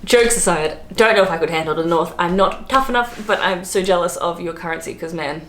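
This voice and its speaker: A hungover Australian woman chatting casually to camera as a travel vlogger, full of fillers and quick laughs. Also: on the low side. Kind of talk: casual vlog chat. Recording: roomy echo, faint background noise.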